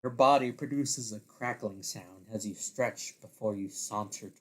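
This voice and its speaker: Male storyteller for a second-person audio drama, slow and deliberate delivery. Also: on the low side. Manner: slow, deliberate, with occasional laughs at own slips.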